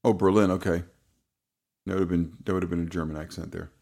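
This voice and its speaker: A man co-hosting a casual podcast, rambling and halting, laughing easily and stumbling over words. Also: low-pitched, level tone, gravelly, darkish tone. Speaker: podcast co-host. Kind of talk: casual chat.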